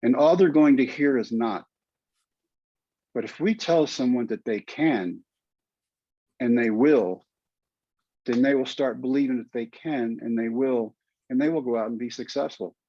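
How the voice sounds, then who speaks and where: An older Texan man, a former pitcher and teacher, is a guest on a podcast, telling a heartfelt story in an earnest, emotional way. His voice is mid-range and his pace normal. The recording is dull, lo-fi and dry, with no echo.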